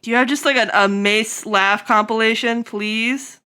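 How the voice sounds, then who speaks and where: A woman streamer in casual live-stream chat, rambling and breaking into loud laughter, her throat getting tickly. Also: on the high side, fairly even intonation, normal speed, smooth.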